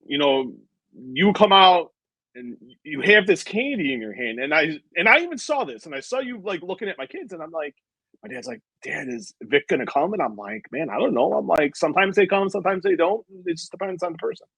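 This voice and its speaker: A man's voice: high voice, big pitch swings, fairly quick, sharp tone, slightly rough, no echo, poor audio. A man in his thirties interviewing a guest, telling a long, rambling anecdote with lots of asides. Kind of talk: casual interview storytelling.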